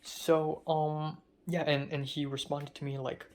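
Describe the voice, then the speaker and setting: His voice sits on the high side with little pitch movement, and he keeps a measured pace. The young adult film student vlogger from Hong Kong tells a casual story, chatty and self-deprecating, with plenty of rambling asides.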